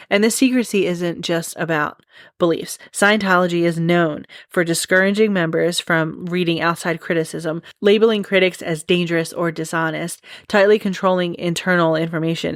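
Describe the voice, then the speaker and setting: With a lowish voice and clean, echo-free studio sound, a woman hosts a podcast. She chats casually through a topic, peppering her monologue with "like" and "you know" and laughing at herself.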